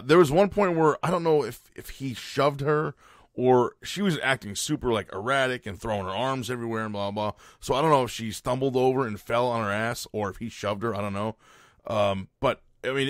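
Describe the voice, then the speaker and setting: A man's voice: mid-range voice, dry recording, studio quality. A man hosting a podcast, telling a story as a casual rant in a blunt, profane and exasperated way. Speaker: podcast host.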